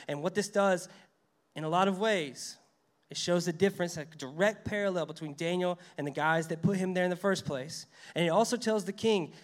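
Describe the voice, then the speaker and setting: A man's voice: on the high side, brisk. A man preaching a sermon in a casual, conversational way, reading verses aloud and acting out the lines of the story. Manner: conversational preaching, reads scripture aloud, acts out quotes. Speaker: pastor.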